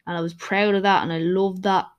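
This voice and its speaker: Young female personal trainer, solo podcast host; slightly low voice; candid, rambling, casual delivery. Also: flat delivery, a little fast, lo-fi sound. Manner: candid, rambling, with frequent restarts.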